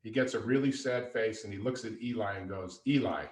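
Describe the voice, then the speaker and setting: Low-voiced man telling stories in an echoey room. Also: fairly quick. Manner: lively anecdotal storyteller. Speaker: guest, father and entrepreneur. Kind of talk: conversational storytelling. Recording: echoey room, distant mic.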